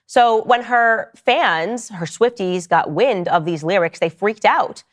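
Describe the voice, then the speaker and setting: A woman's voice: medium pitch, slow, few pauses. A woman podcast host giving opinionated commentary, arguing her case and speaking straight to her listeners. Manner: argumentative, addresses listeners directly.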